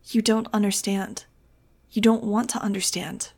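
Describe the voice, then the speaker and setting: A dazed teenage boy lost in a cult's promises speaks dreamily and earnestly, as a woman reads him out in an audiobook. The voice has a gravelly edge. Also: mid-range voice, level tone, unhurried. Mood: dreamy. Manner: dreamy, earnest, then shouting. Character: dazed teenage boy, fanatical cult follower.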